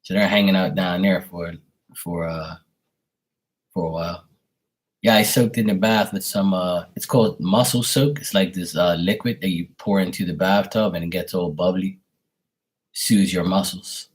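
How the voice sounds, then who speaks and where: A man on a live stream at home, greeting viewers by name in a relaxed, affectionate way. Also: low voice, normal speed. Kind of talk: casual live-stream chat.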